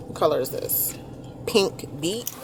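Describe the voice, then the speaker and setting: Chatty woman vlogger, lively and low. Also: a little slow, heavy background noise. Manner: chatty, addresses viewers as y'all. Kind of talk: casual vlog chat.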